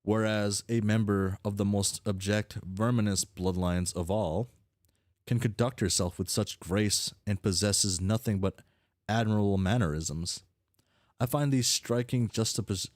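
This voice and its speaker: A man's voice: fairly low pitch, a little mellow, no echo, clean studio sound, natural voice. A man voicing a haughty, formal young male alien troll aristocrat who speaks in stiff, pompous sentences. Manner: stiff, pompous, long-winded formal speech.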